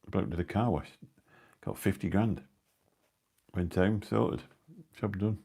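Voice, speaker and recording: A middle-aged man speaks a little slowly in a deep, creaky, mellow, husky voice as he hosts a live stream indoors at home. The casual chat rambles from anecdote to anecdote with dry asides, recorded on a new phone or mic on a live stream.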